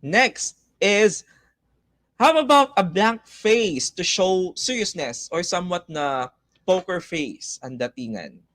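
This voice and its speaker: A young man with a Filipino accent teaches a live online class in a voice pitched a bit high for a man. He coaxes his students along with lively energy and reads their comments aloud. The sound is dry and close. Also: slow pace, no echo. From Philippines. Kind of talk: live online class, mixing Tagalog and English.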